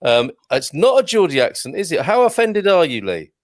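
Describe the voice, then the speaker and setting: A man's voice: a little high, sing-song, moderate pace, dry recording. A man hosting a casual online gardening show over a video call, chatty and laughing often as he reads out viewer messages. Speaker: host. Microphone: video call mic.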